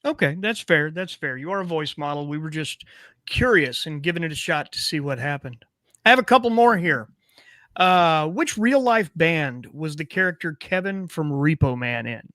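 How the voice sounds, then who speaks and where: A man hosting a live show, with a voice a touch higher than most men's. He talks in a casual, playful way, often trips into restarts, and sounds close and dry. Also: animated, moderate pace, pushed and bright, dry recording. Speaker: show host.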